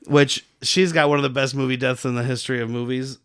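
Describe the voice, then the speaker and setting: A man's voice: medium pitch, steady tone, fast, fairly bright tone, clear, resonant tone. A man co-hosting a bad-movie podcast, recapping scenes in a rambling way with frequent swearing. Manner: rambling, laughs often, swears. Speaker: podcast co-host. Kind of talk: casual movie-review chat.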